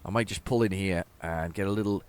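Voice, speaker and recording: This let's play host has a deep voice and talks a little fast, with slight hiss or hum in the background. He rambles casually through his gameplay commentary, chatty and quick to poke fun at himself, speaking close to a home desk microphone.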